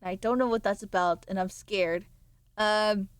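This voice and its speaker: A woman's voice: medium pitch, steady tone, moderate pace, smooth, no echo. A woman streamer chatting casually with viewers, sleepy and playful, rambling with sudden squeals and mock voices. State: sleepy, yawning.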